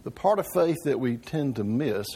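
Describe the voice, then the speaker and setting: A man's voice: mid-range voice, lively intonation, normal speed, warm tone, slight background noise. Man teaching a church class. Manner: conversational, asks the class questions with frequent "right?".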